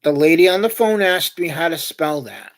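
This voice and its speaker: A man's voice: on the high side, lively intonation, moderate pace. A man hosting a livestream, chatting casually and telling meandering, joking anecdotes. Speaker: livestream host. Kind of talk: casual rambling chat.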